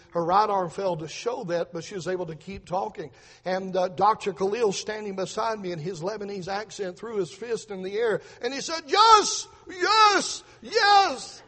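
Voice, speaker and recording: Middle-aged man, preacher, earnest testimony sermon, high voice, husky tone. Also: long reverb tail. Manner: earnest storytelling, repeats words, acts out voices in quotes. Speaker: preacher, father telling testimony.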